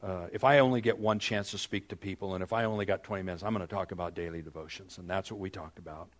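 A man's voice: deep voice, steady tone, fast talker. An older man, a pastor, telling a personal story in a sermon, with self-deprecating humor, his voice rising and then dropping to a near whisper.

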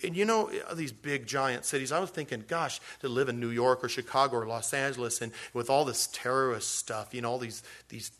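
A man's voice: mid-range voice, brisk, hardly any pauses, fairly bright tone. A man preaching a sermon in a folksy, rambling way, full of restarts and stories. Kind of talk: storytelling sermon.

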